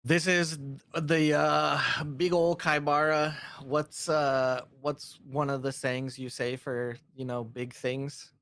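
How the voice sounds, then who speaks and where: A man co-commentating a card game tournament, talking in a halting, easygoing way with many fillers and restarts. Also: on the high side, little pitch movement, a bit bright, no room sound, studio quality.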